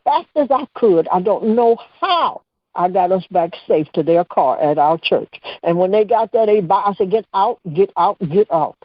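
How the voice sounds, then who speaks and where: A woman guest, telling a personal story on a radio talk show and acting out the dialogue with lively energy. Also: mid-range voice, moderate pace, no echo. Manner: animated storyteller who acts out dialogue. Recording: dull, dry radio-show audio.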